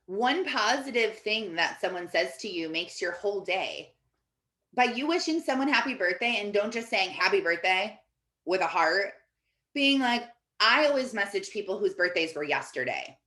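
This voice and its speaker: A woman coach speaks to her team in a loose, chatty way, sprinkling "like" through her sentences. Her voice sits at a middle pitch. The room around her is echoey. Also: very animated, a little slow, sharp tone. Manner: chatty, fills with "like". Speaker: Christian life coach. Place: office.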